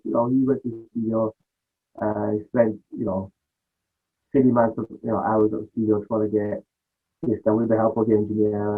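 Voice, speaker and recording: A husky-voiced man chats as a podcast guest, wandering through his stories and putting on the voices of people he quotes. His voice comes through a thin, phone-like line. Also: mid-range voice. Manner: rambling, acts out quoted dialogue. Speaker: podcast guest, music producer. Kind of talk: casual storytelling interview.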